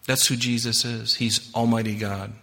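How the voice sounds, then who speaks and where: A man's voice: mid-range voice, level tone, normal speed, vocal fry, pushed and bright. A man preaching a sermon as pastor, emphatic and impassioned, talking straight to his congregation.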